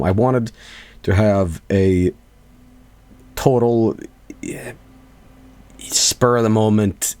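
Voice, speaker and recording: A man's voice: fairly low pitch, a little mellow, no echo. A man, a band's vocalist, chatting in a casual Q&A, rambling earnestly with lots of restarts. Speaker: band vocalist. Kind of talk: casual Q&A chat.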